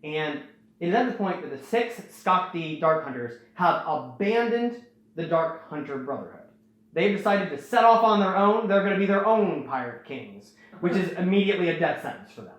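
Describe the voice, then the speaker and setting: A man hosting a casual storytelling recap, rambling and animated, acting out the quotes. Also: high-pitched, moderate pace. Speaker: host. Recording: very echoey room.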